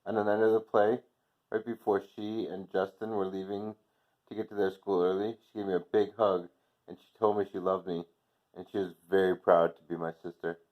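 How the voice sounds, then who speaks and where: Teacher read-aloud: deep male voice, gentle unhurried storybook narration, dull lo-fi sound. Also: little pitch movement. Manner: gentle, unhurried reading with soft quoted dialogue. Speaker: teacher reading aloud to class. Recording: dull lo-fi recording.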